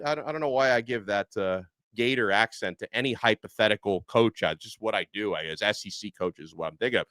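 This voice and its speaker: A man's voice: lowish voice, fast, hardly any pauses, fairly bright tone, dry recording. A man hosting a sports podcast, chatting through listener questions in a conversational, loose manner. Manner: conversational, many fillers and restarts. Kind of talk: casual sports commentary and listener Q&A.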